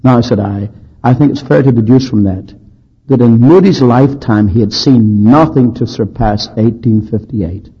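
A male preacher with a husky voice, telling a sermon's historical stories with dry humor and emphasis. The recording sounds dull and lo-fi, like an old tape. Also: mid-range voice, moderate pace. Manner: anecdotal, dryly humorous, emphatic.

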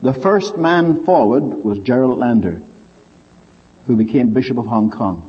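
Male preacher, husky and animated, recorded lo-fi in a big echoing hall. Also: a little slow. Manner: lively storyteller with wide pitch swings. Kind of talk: sermon storytelling. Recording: dull lo-fi recording with long hall reverb.

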